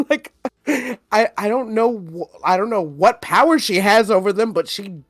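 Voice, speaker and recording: A podcast co-host in casual chat, telling a story with lots of swearing and laughter. The voice sits at a middling pitch and is recorded close and dry, with no room sound. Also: a little slow, no echo, soft background music. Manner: profane, animated storytelling with frequent laughter.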